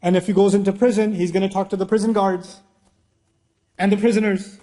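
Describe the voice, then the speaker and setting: High-pitched guy giving a lively lecture sermon, keeps throwing rhetorical questions. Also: a little fast. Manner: animated, rhetorical questions and acted-out dialogue. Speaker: Islamic teacher.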